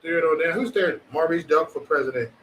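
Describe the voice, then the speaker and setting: A man's voice: fairly high pitch, brisk, a bit bright, distant mic, a little hiss or hum, rough recording. A man hosting a livestream, chatting casually with viewers in profane, rambling banter and joking threats. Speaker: livestream host.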